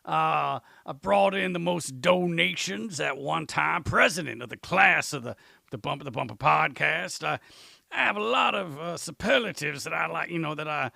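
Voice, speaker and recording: A man's voice: a little high, animated, normal speed, vocal fry, sharp tone, dry recording, exaggerated voice. A man voicing a boastful, self-important sidekick who rambles with lots of fillers.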